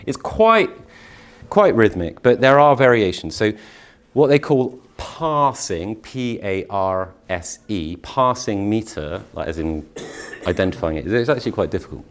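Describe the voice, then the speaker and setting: Male university English lecturer, middle-aged, somewhat deep in pitch, who runs a workshop informally and stumbles over his restarts. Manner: lively, chatty, with frequent restarts and fillers; reads verse slowly and rhythmically. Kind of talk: live poetry workshop talk. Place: conference workshop room.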